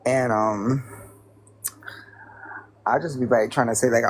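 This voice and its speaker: Man, mid-pitched voice, animated storytelling, faint background noise. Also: moderate pace, long pauses, poor audio. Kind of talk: casual chat.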